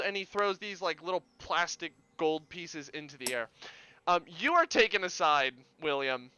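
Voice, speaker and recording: A man who is the game master, narrating a tabletop game in a relaxed, chatty way with fillers. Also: a little high, moderate pace, clean tone, dry recording, dull audio.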